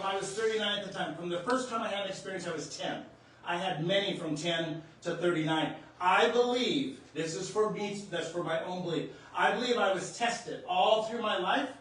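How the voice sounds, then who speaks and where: This podcast host, a man in his sixties from North Dakota, USA, recounts a spiritual story from his own life with heartfelt emotion and occasional awed gasps. His high voice has a fairly bright tone, with slight background noise, echo, and distance from the mic.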